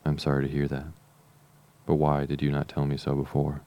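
A man reading the part of a dry, teasing middle-aged country gentleman in an audiobook, with an ironic delivery. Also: a bass voice, completely flat delivery, a little fast.

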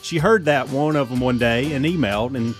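A man's voice: medium pitch, a little fast, faint music behind. A man co-hosting a radio show, upbeat and self-mocking in casual studio banter.

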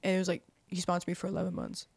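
Racing through casual stories as a podcast guest, a woman in her twenties swears a lot, says "like" constantly and acts out quoted dialogue. Her voice is on the low side, sing-song and darkish with vocal fry, in a dry recording.

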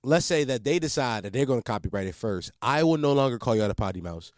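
Young man, podcast host, casual rambling chat, swears a lot, lively up-and-down pitch, dry close mic. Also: quick pace, no room sound. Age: 20s. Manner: rambling and profane, with frequent laughs and restarts. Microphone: close podcast mic in a home setup.

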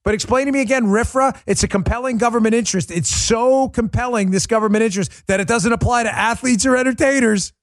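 A man from New York City hosting a podcast, delivering a heated, sarcastic political monologue that rises into shouts. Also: very high-pitched, fast, hardly any pauses, no echo, studio quality. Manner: combative, sarcastic, rising to shouts. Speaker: podcast host.

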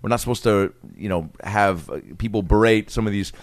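Brief: lower-pitched male comedian, casual podcast banter, dry close mic. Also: a little fast, no echo. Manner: animated storytelling, slips into quoted voices.

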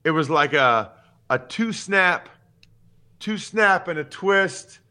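Male podcast host, 40s, slightly high and bright voice, punchy and opinionated delivery. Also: slow pace, clean tone. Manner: animated, emphatic, opinionated and joking. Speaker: podcast host and former football player. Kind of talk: casual sports podcast chat.

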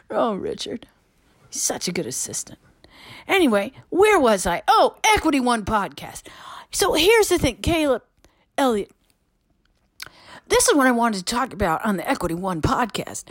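High, swooping, hoarse old stage diva, impression by a woman, rambling and theatrical. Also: no room sound, clean studio sound, exaggerated voice. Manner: rambling, dramatic, drifts between topics, drops to a whisper. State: hoarse, tired. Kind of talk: comic voicemail impression. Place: lying in bed at home.

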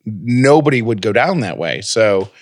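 A radio host chatting casually and telling a story with many restarts, nursing a lingering cough. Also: male voice, lowish voice, sing-song, measured pace, dry recording. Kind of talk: casual chat.

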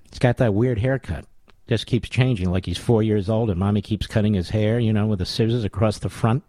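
A man's voice: lowish voice, fairly quick, dark tone, no echo. Scornful man hosting talk radio. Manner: sarcastic, combative, scornful rhetorical questions; addresses his producer on air. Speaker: radio talk show host.

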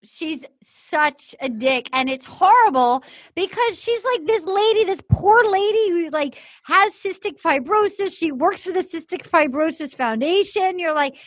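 A woman's voice: very high-pitched, lively intonation, unhurried, no echo. A woman co-hosting a podcast in casual chat, rambling with lots of "like" and restarts. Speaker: podcast co-host.

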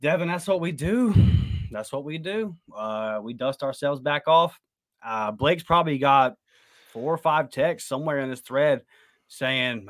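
A man hosting a casual sports talk podcast, reading out listener comments in a relaxed, chuckling way. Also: mid-range voice, measured pace, no echo, studio quality. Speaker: podcast host.

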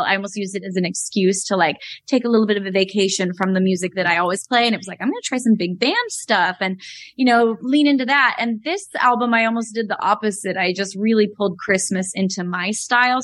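A woman speaks as an interview guest, earnest and heartfelt, often breaking into quick fillers as she talks. Her voice sits at a middling pitch and is recorded close and dry, with no room sound around it. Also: fairly bright tone, dry recording. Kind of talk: conversational interview.

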